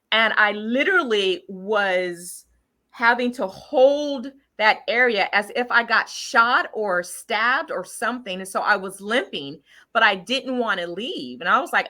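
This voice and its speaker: A woman's voice: medium pitch, animated, a little slow, sharp tone. A middle-aged woman casually telling her viewers about a trip, rambling with lots of fillers and restarts. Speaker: channel host sharing travel story.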